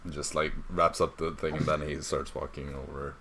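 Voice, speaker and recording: A man's voice: rumbling low, level tone, moderate pace, creaky, bright, forceful tone, slight background noise. A young man narrating as dungeon master of a tabletop game, hesitant with many fillers. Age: young adult.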